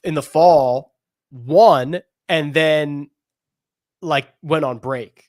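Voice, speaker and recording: A man's voice: mid-range voice, measured pace, no echo. Podcast guy rambling about golf picks, dry close mic, goes up and down a lot. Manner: animated, rambling, laughs while talking. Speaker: podcast co-host. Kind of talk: casual golf betting chat.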